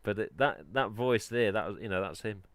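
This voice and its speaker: Give me a man chatting loosely on a live stream, low and dry. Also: moderate pace, no echo. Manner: rambling, chatty, reads chat aloud. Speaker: livestream host. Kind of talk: casual live-stream chat.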